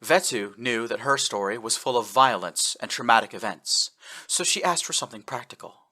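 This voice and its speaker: A man reading a fanfiction story aloud in scripted narration, changing his voice for the characters. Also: moderate pace. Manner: expressive, shifts pitch for characters. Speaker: fanfiction audiobook reader.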